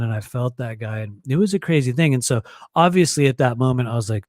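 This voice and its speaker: A man's voice: mid-range voice, quick pace, dry recording. A man hosting a live stream, telling a long personal story in a rambling, casual way with many fillers. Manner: rambling, filler-heavy, animated quoting. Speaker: host of a live psychic stream. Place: home in Florida.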